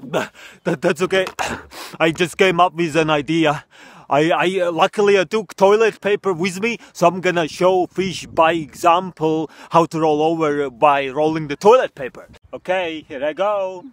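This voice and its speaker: A man hosting a mock tutorial comedy vlog outdoors in a park, with an earnest, deadpan delivery and stammered restarts. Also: on the high side, unhurried. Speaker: comedy vlogger.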